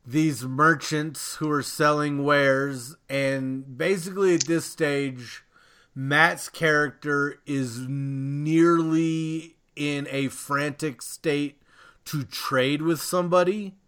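A man's voice: on the high side, steady tone, slow pace, fairly bright tone, clear, resonant tone. A man co-hosting a casual podcast, telling rambling stories and swearing freely. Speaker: podcast co-host.

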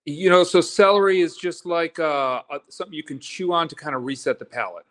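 A man from Florida, a distillery guest in a casual bar chat, who talks haltingly, repeats words and explains things slowly. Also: fairly high pitch, a bit bright.

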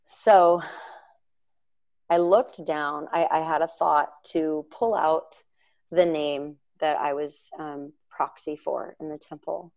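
A woman in her thirties co-hosts a podcast, sharing a personal faith story. She talks earnestly and chattily, with fillers and asides to her listeners. Her voice sits a little low for a woman. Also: creaky, dark tone, poor audio. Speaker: podcast co-host.

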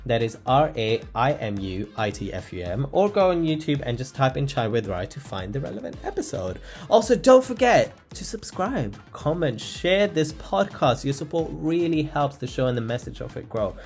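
An enthusiastic man hosts a podcast. His voice sits in the middle of the usual range for a man. He reads the opening with energy and then slips into warm-hearted ribbing with his guest. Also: mid-range voice, very animated, normal speed, faint music behind. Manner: upbeat, enthusiastic, teasing. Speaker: podcast host. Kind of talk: scripted intro then casual chat.

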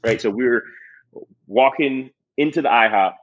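A man's voice: medium pitch, moderate pace, highs cut off. A young man telling a story in casual, profane chat, laughing often.

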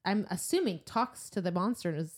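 A woman co-hosting a casual book podcast, animatedly retelling the plot, swearing now and then and slipping into quick character voices. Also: mid-range voice, expressive. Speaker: podcast co-host. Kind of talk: casual book-club chat.

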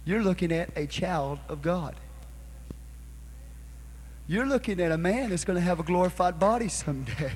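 A male pastor preaching a sermon, calling on the congregation to answer back and building to shouts. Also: high-pitched, animated, moderate pace, long pauses. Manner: preaching with call-and-response, rising to shouts. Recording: live church sermon recording.

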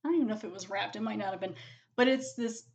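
Chatty woman recapping a movie, says like a lot, does little character quotes, middle pitch. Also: a little mellow, dull audio. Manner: chatty, full of "like", acts out characters' lines in quick quotes. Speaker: movie reviewer. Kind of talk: casual spoken movie review.

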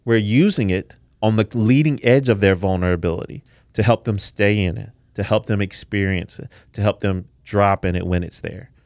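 Male co-host, lowish smooth voice, candid and reflective storyteller, dry close mic. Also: moderate pace, hardly any pauses, a little mellow, no echo. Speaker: podcast co-host, couples therapist. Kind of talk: casual podcast talk.

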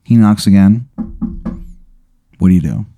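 Casual low-voiced male game master. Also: measured pace, warm tone, faint music behind. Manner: casual, swearing, many fillers. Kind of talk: improvised game narration.

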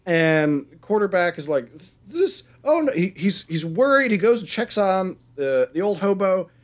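A man in his thirties co-hosting a casual podcast chat, retelling a film in a rambling, profane, animated way. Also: high-pitched, moderate pace. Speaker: podcast co-host.

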